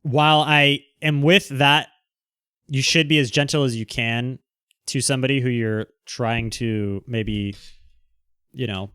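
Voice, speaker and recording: A man's voice: medium pitch, fairly bright tone, no room sound, clean studio sound. A man hosting a livestream, reading viewer comments aloud and answering them in a frank, rambling way with many restarts. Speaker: livestream host.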